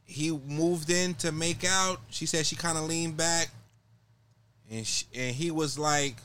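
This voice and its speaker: A man's voice: on the high side, steady tone, measured pace, fairly bright tone, clear, resonant tone. A man co-hosting a podcast, bluntly retelling a story in casual chat. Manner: blunt, retells stories with quoted voices. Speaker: podcast co-host.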